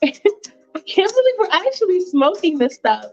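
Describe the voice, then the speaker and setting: A woman voicing a timid teenage girl who pleads in a high, whiny voice. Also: sing-song, a little slow, gravelly, muffled recording, heavily acted. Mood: nervous.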